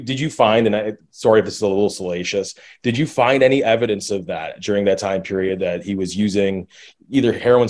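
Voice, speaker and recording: Male podcast interviewer, slightly low voice, meandering and searching questions. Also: darkish tone. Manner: hesitant, rambling questions with restarts.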